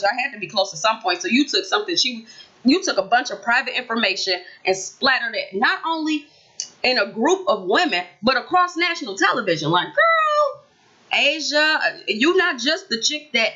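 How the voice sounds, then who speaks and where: Sassy, bright-voiced woman vlogger. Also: fairly high pitch, breathy edge, dull audio. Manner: animated, sassy, talks straight to viewers. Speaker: reality TV recap vlogger. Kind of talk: casual opinionated recap.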